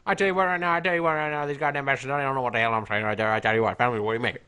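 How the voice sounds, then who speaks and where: A man putting on a Southern country drawl, muttering crude lines in a low voice. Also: fairly even intonation, very fast, sharp tone, clean tone, lightly acted. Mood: grumbling.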